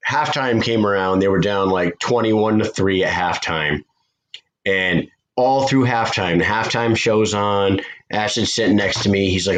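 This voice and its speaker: A man hosting a podcast, chatting casually and telling a profane, animated story. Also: lowish voice, moderate pace, rough recording. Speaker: podcast host.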